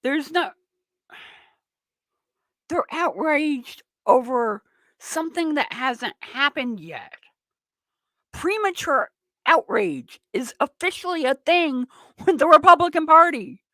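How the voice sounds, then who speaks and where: Woman radio host, sarcastic ranting monologue, fairly high voice, dry studio sound. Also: animated, takes it slowly, pauses often, sharp tone, no echo. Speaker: radio talk show host. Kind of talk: political talk radio monologue.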